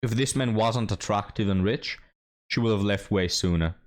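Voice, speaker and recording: A man's voice: lowish voice, moderate pace. A man hosting a reaction commentary, talking bluntly and mockingly with a lot of swearing. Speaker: commentary host.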